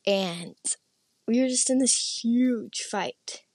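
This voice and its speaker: A woman's voice: fairly high pitch, slow pace, darkish tone, no room sound. A teenage girl telling a personal story in a casual, rambling way, full of fillers, sometimes dropping into a whisper. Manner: chatty, rambling, full of "like", drops into whispered asides. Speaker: vlogger.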